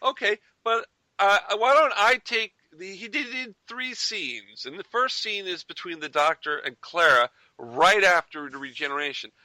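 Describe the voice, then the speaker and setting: Lively high-voiced American man. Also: normal speed, dry recording. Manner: lively, playful, sets up scenes. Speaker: podcast host. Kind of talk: casual chat.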